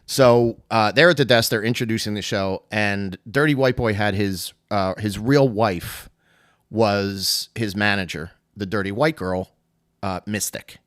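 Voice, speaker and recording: A man's voice: on the low side, a little slow, fairly bright tone, dry recording, studio quality. A man hosting a podcast, casually retelling a story in a rambling way full of fillers and laughs. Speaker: podcast host.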